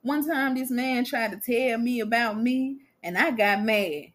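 A woman's voice: a little high, unhurried. A woman in her twenties hosting a podcast, talking straight to her listeners in a blunt, profane, emphatic monologue. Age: 20s. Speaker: podcast host.

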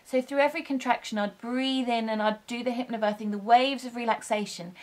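Brief: young woman, higher-pitched, gentle and earnest, heartfelt personal storytelling. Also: steady tone, fairly quick. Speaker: vlogger telling her birth story.

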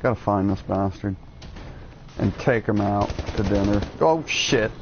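A man's voice: on the low side, a little slow, dull audio, a little hiss or hum. A man giving jokey, rambling commentary while playing a video game, cursing often and drifting into absurd tangents. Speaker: let's play gamer.

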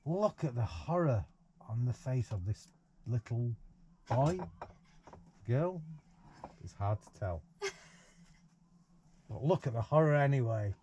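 A man's voice: mid-range voice, expressive, takes it slowly, long pauses, mellow, highs cut off, slight background noise. A man reads a picture book aloud to a baby in a caravan, breaking off for playful, teasing asides. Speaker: parent reading to a baby. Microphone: 360 VR camera.

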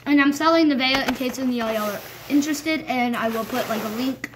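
A woman's voice: high-pitched, brisk. A young woman vlogging casually at home while cleaning a rabbit cage, rambling and playfully scolding her pets. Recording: loud background noise.

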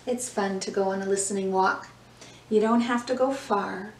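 A woman reading a picture book aloud to young children, slow and gentle, acting out the sounds, then leading breathing and movement. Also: mid-range voice, fairly even intonation, background noise. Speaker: children's yoga and mindfulness teacher. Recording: echoey room, mic at a distance, soft music.

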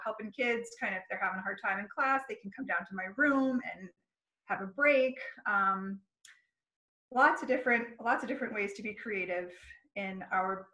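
A woman's voice: medium pitch, sharp tone, roomy sound, low-quality recording. A woman school counselor talking casually about her work in an interview, friendly and chatty. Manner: friendly, chatty, laughs easily.

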